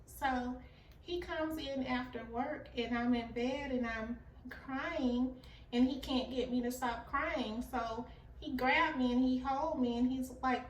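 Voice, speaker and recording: A woman with a high voice tells a personal story in a relaxed, unhurried way, earnest and confessional. The recording is roomy and set back from the mic, with faint ambience behind her. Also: far from the mic, slight background noise. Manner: earnest, confessional, acts out quoted dialogue. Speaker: vlogger sharing a personal story.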